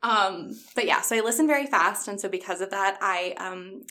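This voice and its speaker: A woman talking in a chatty, enthusiastic way, breaking into laughter often. She is a children's librarian on a podcast, and her pitch sits in an ordinary middle range. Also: normal speed, pushed and bright. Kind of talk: casual podcast chat.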